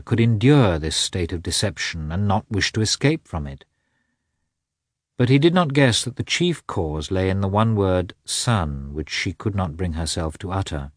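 A man reading a classic novel aloud as an audiobook narrator, in measured, expressive storytelling. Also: lowish voice, no echo, clean studio sound.

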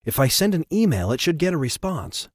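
A man reading an audiobook, voicing a determined young woman with a raised pitch and emphatic, indignant delivery. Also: sing-song, brisk, husky, no room sound, studio quality, full character voice. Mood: urgent.

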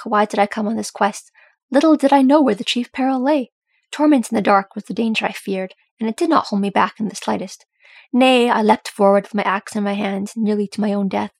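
Gruff heartsore dwarf, woman reading, kinda gravelly, dramatic. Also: medium pitch, no echo, studio quality. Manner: gruff, lamenting. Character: stout-hearted dwarf warrior, emotional and gruff.

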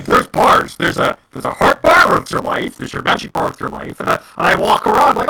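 A man's voice: sits high, very animated, fairly quick, vocal fry, few pauses, pushed and bright, breathy edge, low-quality recording. A man co-hosting a casual gaming podcast, ranting heatedly and swearing a lot. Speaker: podcast co-host.

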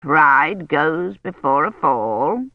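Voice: medium pitch, sing-song, drawn-out words, dry recording, exaggerated voice. An audiobook narrator voicing a stern, scolding old grandmother in a reproving manner. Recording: dull, lo-fi dry recording.

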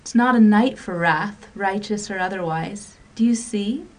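A woman voicing a teasing young woman in a radio story reading, with a breathy, romantic delivery. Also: medium pitch, measured pace, far from the mic, natural voice. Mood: dreamy. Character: young woman, teasing, secretly paralyzed, bold.

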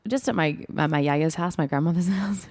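Low-voiced young woman chatting playfully. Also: a little fast, darkish tone, slightly rough. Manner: playful, slips into mock accents. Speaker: podcast guest, actress. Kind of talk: casual chat.

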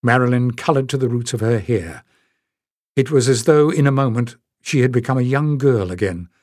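A man giving a steady scripted reading of a fantasy novel as audiobook narrator. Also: mid-range voice, normal speed, no room sound, studio quality.

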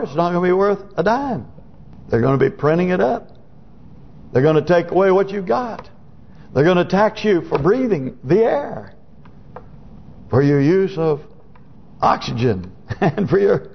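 A man preaches in a high voice with a rough, gravelly grain. He reads old scripture slowly, then explains it in plain words and climbs to emphatic peaks. The recording is dull and lo-fi. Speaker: pastor. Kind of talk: sermon.

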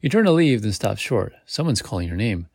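A man's voice: lowish voice, big pitch swings, a little fast, creaky, darkish tone, breathy edge, dry recording, clean studio sound. A man hosting a podcast, reading a gamebook aloud in a casual way, with slips and self-corrections. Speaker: podcast host.

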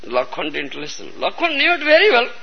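High-pitched guy preaching slow, husky gravelly voice, keeps asking if you get it. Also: huge pitch swings, muffled recording. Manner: storytelling lecture, repeatedly asking "You understand?". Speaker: spiritual teacher. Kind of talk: sermon.

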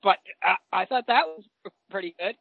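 A rambling talker in a relaxed group chat, full of ums and restarts. The sound is close and dry, with no room echo. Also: medium pitch, moderate pace, gravelly, phone-quality sound. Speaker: panel guest. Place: Los Angeles.

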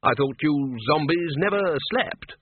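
A man doing a brisk, blunt head wizard. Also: a little high, slight background noise, voice pushed up, close to an everyday voice. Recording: thin tinny lo-fi sound.

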